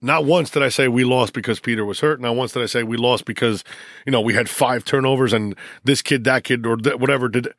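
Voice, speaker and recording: A middle-aged man, a high school football coach, telling stories emotionally in a casual interview, with many restarts and repeats. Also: fairly quick, fairly bright tone, dry recording, studio quality.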